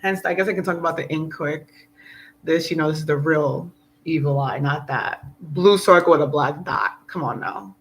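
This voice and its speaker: A woman's voice: low voice, normal speed, slight background noise, poor audio. A woman talking in a casual, rambling spiritual vlog, earnest and emotional, preaching at times. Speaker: spiritual vlogger. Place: outdoors in South Florida.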